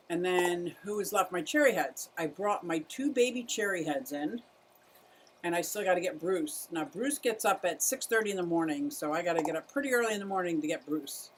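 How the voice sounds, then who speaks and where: A woman's voice: on the low side, slight background noise. Chatty woman streaming about her turtles. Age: middle-aged. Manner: chatty, greets viewers, talks to her animals. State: out of breath at times. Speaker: turtle keeper livestreaming. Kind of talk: casual livestream chat.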